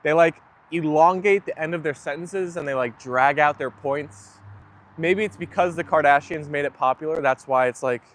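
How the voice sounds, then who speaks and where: A young man hosts a relaxed livestream, his voice a little higher than most men's, speaking at normal speed. He chats easily, reads out viewer comments and warmly agrees with them.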